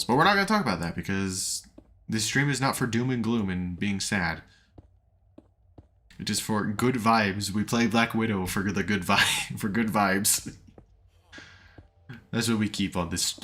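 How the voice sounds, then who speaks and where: A man's voice: fairly low pitch, expressive, moderate pace, fairly bright tone. A man streaming a game, rambling as he builds and reads chat aloud, his voice tired and sore after hours of talking. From United States. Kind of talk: casual live-stream chat while playing.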